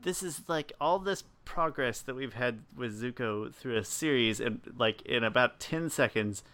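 A man co-hosting a casual podcast, ranting frankly about a cartoon character, sarcastic and quick to apologize. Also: medium pitch, expressive, pushed and bright. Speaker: podcast co-host. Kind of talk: casual recap chat.

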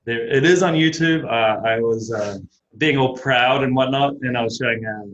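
A man's voice: medium pitch, normal speed. Chatty New Zealand man, lo-fi. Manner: chatty storyteller, relaxed and self-mocking. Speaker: guest, baseball pitcher and teacher. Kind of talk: casual podcast chat. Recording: dull lo-fi audio.

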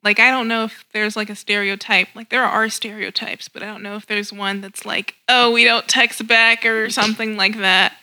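Bright-voiced young woman, halting chat. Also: medium pitch, level tone, rough recording. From United States. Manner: halting, many fillers. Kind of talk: casual chat.

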